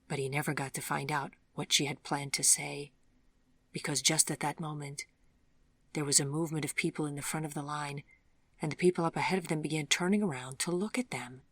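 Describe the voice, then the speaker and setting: A woman narrating a fairy-tale audiobook in a measured, even storytelling manner. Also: low voice, breathy edge, no room sound. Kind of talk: scripted narration.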